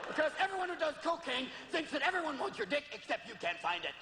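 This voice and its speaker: A hoarse man doing a manic stand-up comedy routine, shouting and jumping between voices. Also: extremely high pitch, sing-song, quick pace. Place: live comedy venue with audience. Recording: roomy live recording with loud crowd. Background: loud crowd noise and laughter.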